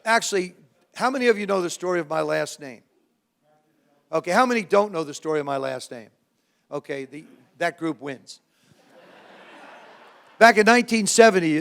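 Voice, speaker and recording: A man around seventy, from New Jersey, telling lively, self-mocking stories to a live audience as a former quarterback and guest speaker. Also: fairly high pitch. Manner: lively anecdotes with self-mocking humor, frequent restarts. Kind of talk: storytelling talk to a live audience.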